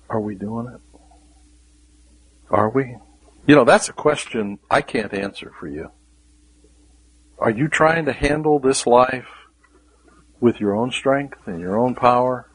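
A male preacher delivering a sermon at an unhurried, deliberate pace. His voice has a slightly husky edge, and he leans on repetition, sinking to a hushed tone whenever he quotes scripture. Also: medium pitch, expressive, poor audio. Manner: earnest, repeats key words, drops to a hushed voice for scripture.

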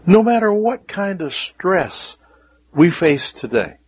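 A male preacher delivering a sermon at an unhurried, deliberate pace. His voice has a slightly husky edge, and he leans on repetition, sinking to a hushed tone whenever he quotes scripture. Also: sits high, big pitch swings, no echo, rough recording. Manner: earnest, repeats key words, drops to a hushed voice for scripture.

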